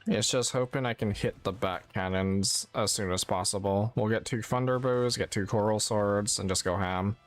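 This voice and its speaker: A man's voice: on the low side, normal speed, hardly any pauses. Guy streaming a game, rambly and self-correcting, faint music behind. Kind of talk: casual gameplay chat.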